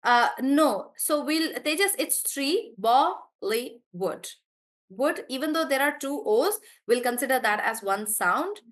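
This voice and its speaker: Lady teacher on a video call, slightly high voice, cheers students on, drags out syllables slow. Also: fairly bright tone. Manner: encouraging, draws out syllables slowly when modeling words. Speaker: English pronunciation teacher. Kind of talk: live online class.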